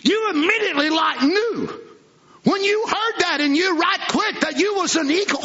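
A man preaching a fervent sermon, swinging between shouts and low asides. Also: expressive, normal speed, muffled recording.

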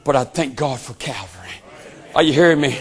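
A man preaching a sermon with emphatic call-and-response, often shouting and then dropping low. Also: expressive, a little fast.

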